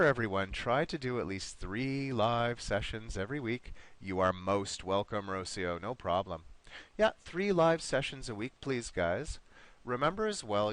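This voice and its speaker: A man teaching an online class, giving each student encouraging feedback by name and slowly modeling pronunciation. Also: medium pitch, fairly bright tone.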